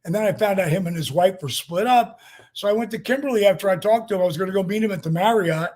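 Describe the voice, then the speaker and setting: An older man with a notably high speaking voice tells a rambling story as a podcast guest. He swears freely, leans on fillers, and performs the lines of the people in his story. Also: fast talker, darkish tone. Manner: profane, acts out quotes, lots of fillers. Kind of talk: animated storytelling.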